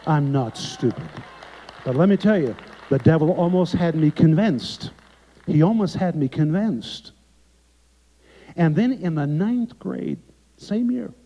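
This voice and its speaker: A man's voice: fairly high pitch, slightly rough. Dramatic male preacher telling a story. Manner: dramatic, emphatic, with sharp drops to quiet. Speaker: guest preacher. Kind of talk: sermon storytelling. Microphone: remote video recording. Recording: echoey, dull lo-fi sound.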